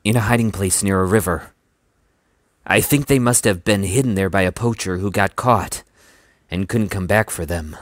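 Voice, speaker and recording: A man's voice: low voice, moderate pace, no room sound, clean studio sound, natural voice. A man reading aloud, voicing a polite, determined young village boy. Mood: earnest. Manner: polite, earnest.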